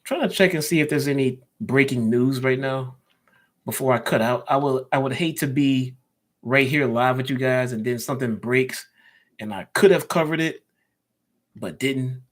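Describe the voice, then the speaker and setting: Male live-stream host, Chicago accent, casual chatter, average pitch. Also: normal speed. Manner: chatty, reads out viewer comments and answers them.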